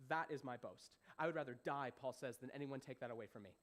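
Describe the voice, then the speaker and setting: A young man teaching a Bible passage as a young adults pastor, conversational and animated, often repeating himself and checking if listeners follow. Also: mid-range voice, fast. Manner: animated, repeats phrases, asks "does that make sense".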